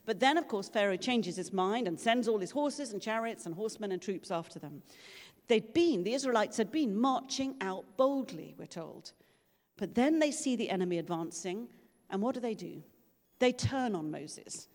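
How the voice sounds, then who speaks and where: A woman's voice: mid-range voice, animated, moderate pace, a little mellow. A woman giving a sermon in a church, telling stories in a conversational way and acting out quoted voices. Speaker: preacher. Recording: long reverb from a large room.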